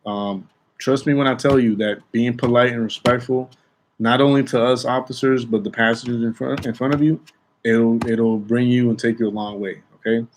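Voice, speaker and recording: A man's voice: medium pitch, steady tone, normal speed, a little hiss or hum. A young man, an airport security officer, telling a work story to his viewers in a chatty way, often checking in with "okay?" and restarting his sentences. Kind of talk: casual storytelling vlog.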